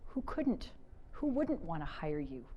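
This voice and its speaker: A middle-aged woman from Canada giving a motivational talk, telling stories with animated swings from loud to soft. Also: deep voice, unhurried, muffled recording, slight background noise. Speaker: speaker.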